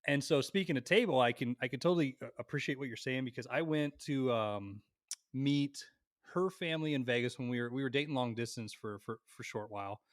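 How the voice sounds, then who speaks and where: A young man on a podcast, telling a long family story in a lively, animated way and swearing freely. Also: medium pitch, brisk, no room sound, studio quality. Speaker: podcast co-host. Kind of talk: casual storytelling chat.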